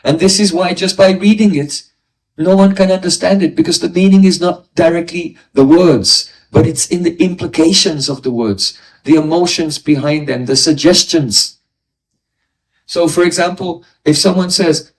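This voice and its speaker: A man's voice: fairly high pitch, moderate pace, recorded from a distance, rough recording. A man giving a devotional class lecture, explaining ideas through everyday examples and often checking in with his listeners. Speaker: spiritual teacher.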